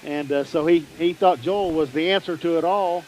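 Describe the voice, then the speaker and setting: A man's voice: a little high, moderate pace, a little mellow, poor audio. A middle-aged man hosting a local sports broadcast, talking in an easygoing, reminiscing way. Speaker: radio sports host. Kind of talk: casual chat. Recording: faint background noise.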